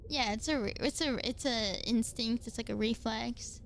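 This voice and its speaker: A young adult woman with an Australian accent, chatting casually while streaming a game, excitable and quick to swear and shriek when frightened. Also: sits high, a little hiss or hum. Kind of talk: casual gaming commentary.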